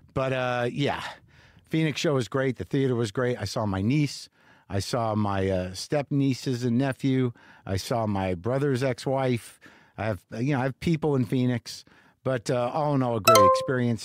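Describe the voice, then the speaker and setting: A man's voice: mid-range voice, expressive, moderate pace, dry recording, studio quality. A middle-aged man hosting a podcast, telling a rambling, self-mocking comic story in a monologue. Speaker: podcast host. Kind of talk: comedic monologue.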